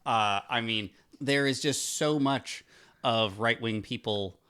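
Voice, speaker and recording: A man's voice: mid-range voice, slow, sharp tone, clear, resonant tone. Wry, joking male podcast co-host. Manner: wry, joking, laughs often. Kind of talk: casual podcast banter.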